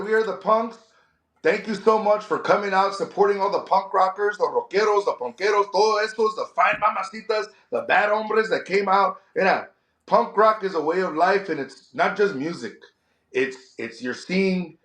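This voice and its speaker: A middle-aged man from San Antonio, a wrestler and promoter chatting in an interview, animated and slipping in Spanish slang. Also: fairly high pitch. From San Antonio, Texas. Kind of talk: casual interview chat. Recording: echoey room.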